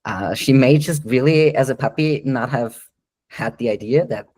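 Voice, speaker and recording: A dog trainer answering questions in a live online Q&A. The man speaks at an ordinary medium pitch in a casual, explanatory way, with frequent ums and light laughs between thoughts. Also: moderate pace, a little mellow, poor audio.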